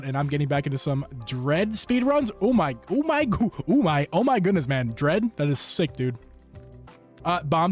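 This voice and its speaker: A man chatting on a casual live stream from a room at home, his voice set a little high for a man. He rambles, restarts his sentences and gives eager shout-outs to the chat. Faint music plays behind him. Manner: rambling, self-interrupting, enthusiastic shout-outs. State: hot and sweaty. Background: background music.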